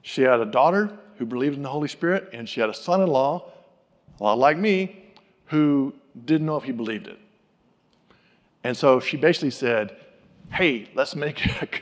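A man delivering a sermon in a lively storytelling style, acting out the people he quotes. His voice sits a bit high for a man. The sound carries a long reverb from a large hall. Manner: animated, acts out quoted voices. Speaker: pastor.

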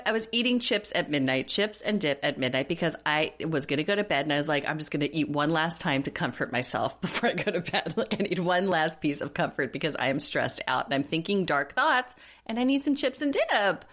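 Low-voiced woman co-host, blunt and lively, casual swearing. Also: brisk. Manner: animated, blunt, swears freely. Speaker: podcast co-host. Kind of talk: casual recap chat.

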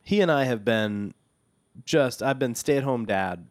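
A man's voice: mid-range voice, expressive, unhurried, dry recording. Reflective, hesitant man, dry sound. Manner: reflective, hesitant, many restarts. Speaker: podcast co-host. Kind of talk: casual chat.

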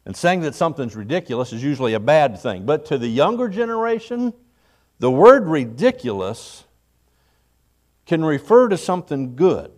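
A man's voice: on the high side, big pitch swings, normal speed. A middle-aged man, a pastor, preaching a morning sermon in a folksy, conversational way, acting out little quotes.

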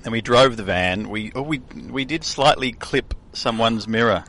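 Wry, bright-voiced man. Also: medium pitch, moderate pace. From Australia. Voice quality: dry, wry humour. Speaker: host's husband. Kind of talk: casual chat. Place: in a car.

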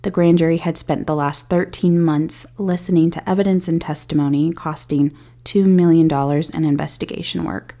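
Woman, podcast host, scripted true-crime narration, measured delivery, candid asides, lowish voice, warm tone. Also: steady tone.

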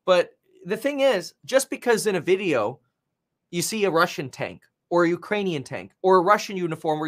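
A man with a fairly high voice talks through the news in a loose, casual commentary. He rambles, stumbling through fillers and restarts as he reacts. The delivery is unscripted and conversational. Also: fairly bright tone. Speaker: finance commentator.

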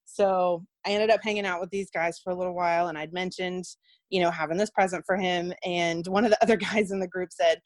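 A woman's voice: on the low side, brisk, no room sound. A woman who works as a nurse, telling a personal story in casual conversation and acting out the voices of people she quotes. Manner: animated, acts out quoted voices. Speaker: guest.

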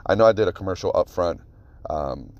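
A man hosting his own podcast, telling rambling, profane stories in a casual, animated way. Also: sits low, fairly quick, dull audio. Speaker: podcast host. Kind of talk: casual solo podcast storytelling.

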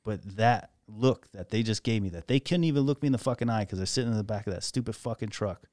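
Low-voiced man, laid-back veteran talk. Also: quick pace, darkish tone, no echo, clean studio sound. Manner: laid-back, reflective, swears casually. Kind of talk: casual podcast conversation.

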